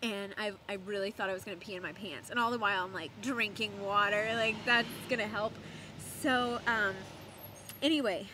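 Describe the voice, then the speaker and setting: A woman's voice: mid-range voice, moderate pace, background noise. Chatty young woman telling a story. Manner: chatty, animated, laughs often, repeats words for emphasis. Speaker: vlogger. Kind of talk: casual storytelling to camera.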